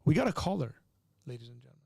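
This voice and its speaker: A man hosting a live call-in stream, talking in an animated, joking way as he teaches with rising emphasis. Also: medium pitch, rapid-fire, creaky, dry recording, clean studio sound. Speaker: livestream host. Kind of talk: live call-in show chat.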